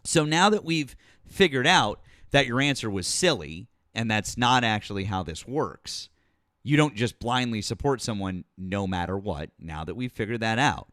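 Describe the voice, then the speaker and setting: A man's voice: fairly low pitch, animated, normal speed, fairly bright tone, no room sound, studio quality. A man hosting a political call-in stream, arguing with a caller in a condescending, talk-over-him way. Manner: condescending, talks over the caller, calls him kiddo and bud. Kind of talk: combative live-stream debate.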